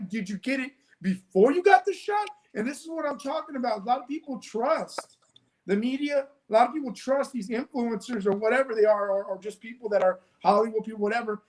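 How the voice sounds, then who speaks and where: A man co-hosting a casual political discussion, telling animated stories and acting out what others said. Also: extremely high pitch, low-quality recording. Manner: animated storytelling, acts out quoted dialogue.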